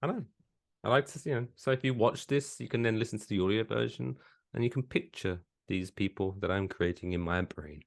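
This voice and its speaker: A man's voice: on the low side, fairly quick, gravelly. A man co-hosting a comedy podcast, joking and playful. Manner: jokey, playful, animated. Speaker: podcast co-host. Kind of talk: casual comedy chat.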